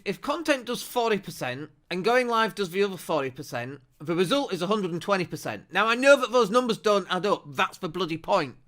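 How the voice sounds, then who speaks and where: A man hosting a marketing podcast, talking straight to camera in an energetic, persuasive way. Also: sits high. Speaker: podcast host, marketing agency owner. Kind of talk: direct-to-camera marketing talk. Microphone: camera at desk.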